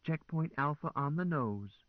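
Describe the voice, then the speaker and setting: A high, anxious female ship computer frets and digs in her heels, as a man puts her on. The voice leaps up and down with alarm. The recording is dry and a little dull. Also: lively intonation, measured pace, no echo. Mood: brisk. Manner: anxious, whiny, stubborn. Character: fretful female AI spaceship car.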